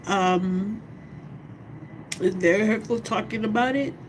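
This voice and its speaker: A woman talking slowly and from the heart in a personal vlog, often checking in with "you know what I mean". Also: medium pitch, background noise. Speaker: vlogger.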